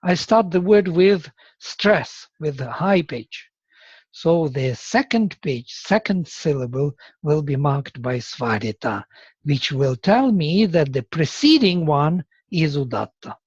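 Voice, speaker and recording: Slow, husky male lecturer. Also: on the high side, animated, dry recording. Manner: slow, deliberate explaining with chanted examples. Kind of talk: university lecture. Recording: dull, lo-fi lecture recording.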